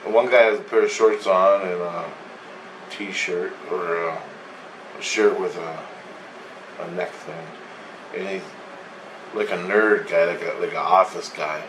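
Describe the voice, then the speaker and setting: A man's voice: sits low, fairly even intonation, unhurried, pauses often. A man casually recounting a dream, meandering and swearing freely as he goes. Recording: echoey room, distant mic, faint hum.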